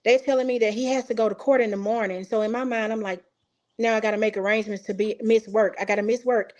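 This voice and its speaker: A mother from Texas, appearing as an interview guest, casually recounts a personal story and acts out the quoted dialogue with feeling. Her voice is a little high and darkish, with fairly even intonation, and she talks fast.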